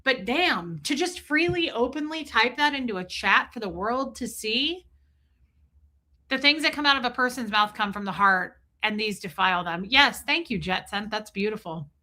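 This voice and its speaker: A woman's voice: fairly high pitch, expressive, normal speed, pushed and bright. A middle-aged woman from the Midwest chatting casually on a livestream, reading viewer comments aloud. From Nebraska, raised in Kansas City area. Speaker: livestream host reading chat. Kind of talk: casual live-stream chat.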